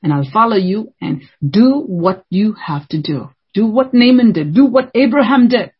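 A woman's voice: medium pitch, lively intonation, moderate pace, breathy edge, lo-fi sound. A woman preaching a fervent, scolding sermon, repeating lines for emphasis.

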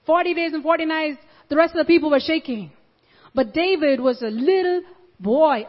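A high-voiced woman preaches a sermon, telling stories with animated flair and acting out the voices of the people in them. The recording has dull audio and echoes through a large, reverberant hall.

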